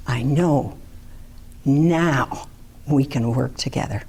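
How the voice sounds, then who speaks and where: A woman's voice: deep voice, measured pace, mellow, slight background noise. An older woman, a therapist, giving a candid talk to an audience and mixing in personal asides. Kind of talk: lecture to an audience.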